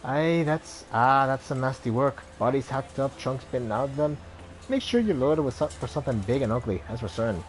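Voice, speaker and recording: A man's voice: medium pitch, animated, a little fast, soft background music, close to an everyday voice, low-quality recording. Rainbow: a man voicing a brash Irish woman. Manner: chatty, blunt, slangy. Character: young adult Irish woman, brawny, brash ex-ranger.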